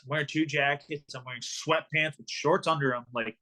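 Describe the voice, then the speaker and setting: Bright-voiced young man telling hockey stories. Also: medium pitch, steady tone, normal speed. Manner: rambling, filler-heavy storytelling. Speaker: guest, professional hockey player. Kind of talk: casual podcast interview.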